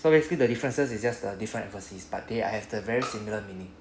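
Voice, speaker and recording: A man with a Singaporean English accent teaching a Japanese class, explaining patiently and drilling phrases slowly. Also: fairly low pitch, darkish tone, reverberant, slight background noise.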